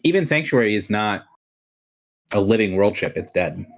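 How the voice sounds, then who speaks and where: A man acts as game master for a tabletop session. His voice sits a little low, and he describes scenes and choices in a loose, rambling manner, often restarting his sentences. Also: normal speed. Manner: relaxed, rambling explanations with restarts.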